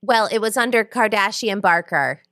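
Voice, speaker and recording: A woman's voice: medium pitch, lively intonation, moderate pace, fairly bright tone, dry recording, clean studio sound, lightly acted. A woman playing a gushing celebrity momager mother on a prank call, breezy and calling everyone doll. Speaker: podcast host.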